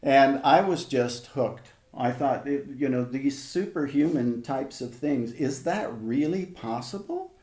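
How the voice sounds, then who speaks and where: An older man working as a hypnotherapist, telling stories in an interview in a measured, conversational way with frequent restarts. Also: mid-range voice, animated, a little mellow, reverberant. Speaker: hypnotherapist guest. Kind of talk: reflective storytelling in an interview.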